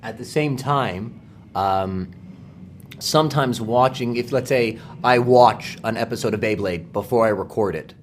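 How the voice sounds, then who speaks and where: A man who works as a voice actor, chatting in an interview and telling lively stories that act out quoted dialogue. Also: mid-range voice, a little slow, a little hiss or hum. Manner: lively anecdotal storyteller, acts out quoted dialogue. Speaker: voice actor guest. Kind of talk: casual interview chat.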